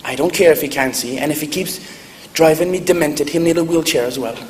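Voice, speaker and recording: Man putting on a sharp-tongued old Irish granny. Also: fairly high pitch, fairly quick, natural voice. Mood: scolding. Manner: scolding, sarcastic. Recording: echoey hall, faint noise.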